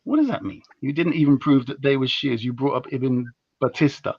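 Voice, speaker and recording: A young man hosting a live stream, talking in slangy, teasing, heated casual banter that jumps between loud and low. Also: a little fast, slightly rough, no echo. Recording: dull lo-fi stream audio.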